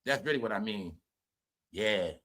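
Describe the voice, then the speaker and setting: A man hosting a profane gossip commentary stream, loud and mocking, repeating phrases and laughing at his own jokes. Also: lowish voice, expressive, normal speed. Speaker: commentary channel host.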